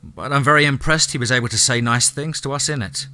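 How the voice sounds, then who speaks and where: A man's voice: mid-range voice, fast talker, sharp tone, voice pushed up. A man doing a patient, kindly mother. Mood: gentle.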